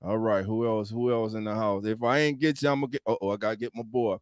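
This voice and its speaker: A man hosting a casual sports podcast live stream, greeting viewers with loud, hyped shout-outs, speaking. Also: lowish voice, steady tone, fast, few pauses, dry recording, studio quality. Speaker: podcast host.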